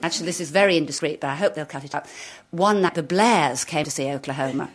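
Lively, low-voiced actress telling anecdotes. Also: female voice. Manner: animated, self-mocking, quick to laugh. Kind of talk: anecdotal talk.

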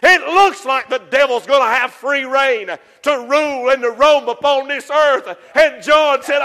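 A man preaching a sermon with passion, rising to shouts for emphasis. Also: very high-pitched, measured pace, few pauses, long reverb tail.

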